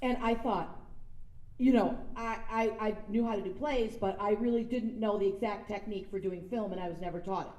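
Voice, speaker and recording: A woman, the guest speaker at an event in a sound stage event space, gives a casual, chatty, self-deprecating speech and acts out the quotes in her stories. Her mid-range voice is warm and fairly quick. She's recorded from a distance in an echoey room.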